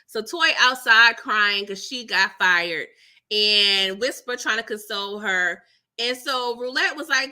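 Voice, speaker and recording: A woman hosting a casual TV recap livestream, talking in an animated, dramatic way with slangy asides and quick impressions of the characters. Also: medium pitch. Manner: mimics characters' lines in quick voices. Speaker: recap channel host.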